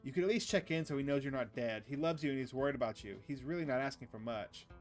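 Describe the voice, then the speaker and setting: A man's voice: medium pitch, fast talker, soft background music, lightly acted. A man reading the lines of a responsible young woman who scolds her brother and a group of teens in a horror visual novel. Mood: scolding. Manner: lecturing, exasperated.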